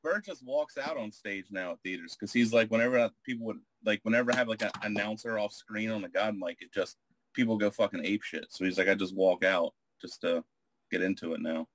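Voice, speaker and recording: A man's voice: lowish voice, brisk, a bit bright, a little hiss or hum, poor audio. A man from Virginia Beach with a light Southern accent, bantering loosely and swearing in casual podcast chat.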